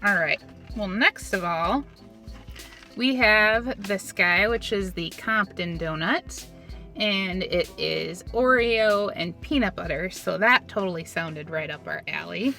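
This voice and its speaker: Female food-review host from Minnesota, upbeat and chatty, bright tone, mid pitch. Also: slow, gravelly, soft background music. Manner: chatty, upbeat, filler words. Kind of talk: casual food review chat.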